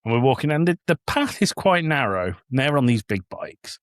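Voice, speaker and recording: A man's voice: medium pitch, brisk, dry recording, clean studio sound. A man from England, a podcast host with a young child, telling stories in casual chat and acting out the quotes. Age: adult with a young child. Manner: animated storyteller, acts out quotes.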